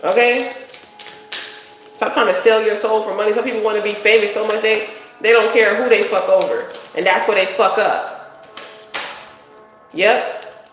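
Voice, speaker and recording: A woman's voice: mid-range voice, steady tone, moderate pace, long pauses, music in the background. A woman doing a casual psychic tarot reading, blunt and profane, rambling from thought to thought. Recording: very echoey room, faint noise.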